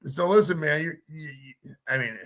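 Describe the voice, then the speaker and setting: A man's voice: fairly high pitch, normal speed, fairly bright tone. A man hosting a podcast, rambling and joking in a crude, profane way. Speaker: podcast host. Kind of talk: casual crude banter.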